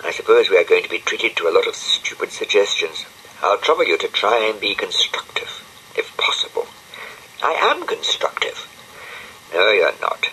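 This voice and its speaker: A man's voice: on the low side, very animated, normal speed, bright, forceful tone, a little hiss or hum, poor audio. A man voicing a grumpy, pompous male dog, in a storybook reading. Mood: indignant. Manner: huffy, pompous, scolding.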